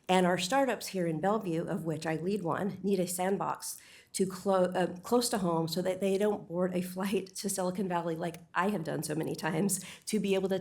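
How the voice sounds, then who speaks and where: A woman speaking at a city council meeting, a little short of breath, with a lowish, gravelly voice. She lays out her points earnestly and persuasively, catching and correcting her own slips. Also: darkish tone. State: slightly out of breath. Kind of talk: prepared public comment speech.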